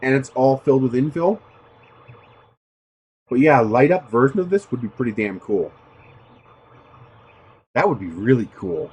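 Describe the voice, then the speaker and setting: A man's voice: mid-range voice, animated, normal speed, pauses often, darkish tone, slightly rough. A man hosting a 3D printing livestream, chatting casually with viewers, telling stories loosely with profanity and frequent laughter.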